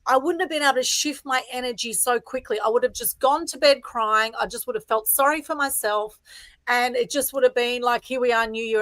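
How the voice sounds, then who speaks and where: A woman's voice: a little high, a bit bright, no room sound. A middle-aged Australian woman co-hosting a live stream, talking earnestly and emotionally, often adding "right?" to her points. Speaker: co-host. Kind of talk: casual chat on a live stream. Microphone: video call.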